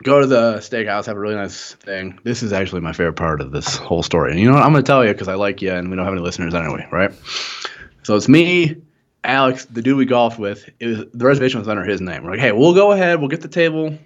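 A man's voice: fairly low pitch, expressive, fast. Young man telling a rowdy story, lo-fi. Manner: rambling, profane, laughing storyteller. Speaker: podcast co-host. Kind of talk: casual storytelling chat.

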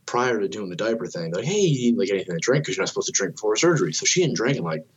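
A man's voice: on the low side, lively intonation, rapid-fire, dull audio, slight background noise. A young man casually telling a long story, swearing a lot, filling his speech with "like" and acting out what people said. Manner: swears a lot, fillers like "like", acts out dialogue.

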